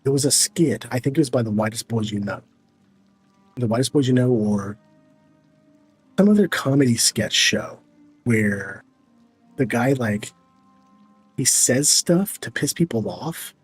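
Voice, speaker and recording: Husky guy rambling on stream. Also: medium pitch, lively intonation, measured pace, pauses often, faint music behind, rough recording. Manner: rambling storyteller, fillers and restarts, laughing. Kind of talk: casual livestream chat over gameplay.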